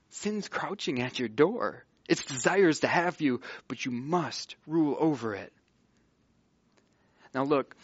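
A man preaching a sermon, moving between hushed pleading and loud, emphatic delivery. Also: medium pitch, no echo, muffled recording. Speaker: pastor.

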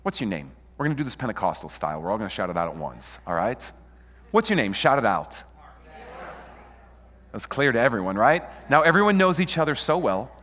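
A middle-aged man preaching a sermon as pastor, animated and playful, often questioning and joking with his congregation. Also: medium pitch, brisk, long reverb tail. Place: church sanctuary.

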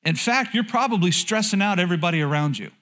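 A man with a somewhat high voice delivers a sermon in a conversational, candid tone. He often repeats phrases and throws questions out to the congregation. A light, joking manner runs through his preaching. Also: lively intonation, fast talker, fairly bright tone. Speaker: pastor.

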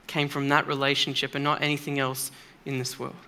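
A man's voice: mid-range voice, completely flat delivery, fairly quick, sharp tone, smooth. A man preaching a sermon in a church, earnest and emphatic, speaking conversationally with occasional fillers.

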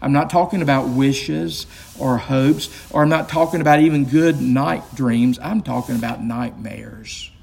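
A man's voice: mid-range voice, measured pace, vocal fry, few pauses, a little mellow, breathy edge. A man voicing a wild-eyed, terrified castaway who pleads and warns in a frantic voice. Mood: urgent.

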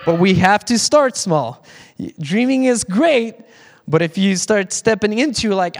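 A man's voice: high-pitched, animated, unhurried. A man preaching a conversational sermon as pastor, with frequent restarts, in a church sanctuary. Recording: long church hall reverb.

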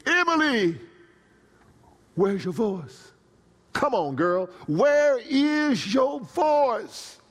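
A man voicing an insistent male acting coach who shouts pleading questions in a sermon story. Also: very high voice, breathy edge, big-room sound, voice pushed up, heavily acted.

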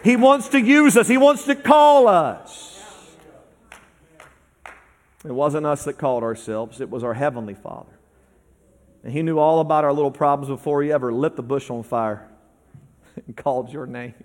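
A man preaching a sermon to a church service, swinging from quiet, fast lines up to shouting and half-singing. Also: on the high side. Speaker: pastor. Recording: long hall reverb.

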